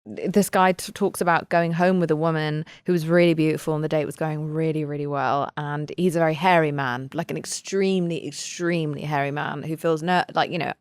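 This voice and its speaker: A woman's voice: brisk, hardly any pauses, smooth, no echo, clean studio sound. A woman, a podcast guest telling funny stories in casual chat. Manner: animated storyteller, breaks into high laughs.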